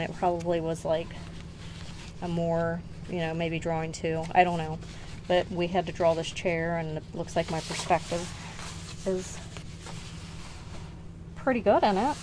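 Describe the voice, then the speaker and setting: A lower-voiced middle-aged woman talks through her old art in a loose, rambling way, stopping to correct herself and sounding a little out of breath. The recording has steady noise in the background. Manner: rambling, self-correcting, unsure recollections. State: short of breath. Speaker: art channel host. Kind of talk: casual show-and-tell vlog.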